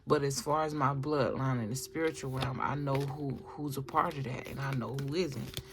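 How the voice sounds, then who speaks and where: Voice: medium pitch, fairly even intonation, moderate pace, noisy background. A tarot reader giving a casual spoken reading, rambling with restarts and filler asides, and talking straight to viewers. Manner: chatty, addresses viewers directly.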